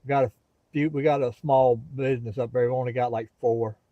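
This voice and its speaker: A middle-aged man from Florida's Gulf Coast, speaking with a Southern drawl, hosts a phone livestream outdoors near a pasture, chatting casually and straight to his viewers in a relaxed, folksy way. His mid-range voice moves fairly quickly; the audio is dull but free of echo.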